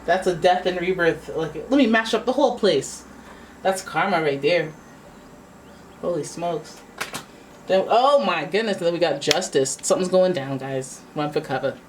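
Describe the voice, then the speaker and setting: A woman's voice: on the low side, animated, normal speed, far from the mic, a little hiss or hum, rough recording. A woman giving a casual, playful tarot reading, chatting and exclaiming as each card comes up. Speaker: tarot reader.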